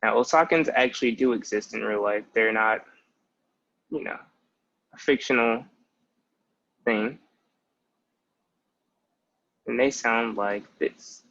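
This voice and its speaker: A young man in his twenties teaches a casual spoken language lesson as a tutor, explaining step by step and often opening with "so" and "basically." His mid-range voice is gravelly and fairly bright, and he takes it slowly, pausing often. The audio is muffled and lo-fi.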